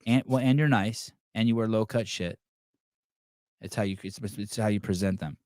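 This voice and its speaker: A man's voice: fairly low pitch, normal speed, a little mellow, no echo, clean studio sound. Profane mocking podcast host man. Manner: profane, mocking, mimics whiny voices. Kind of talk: crude comedic rant to live chat.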